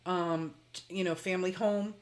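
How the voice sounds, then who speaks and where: A woman's voice: on the low side, steady tone, moderate pace, crowd noise. A woman co-hosting a podcast in casual chat, explaining ideas with psychology terms. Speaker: podcast co-host.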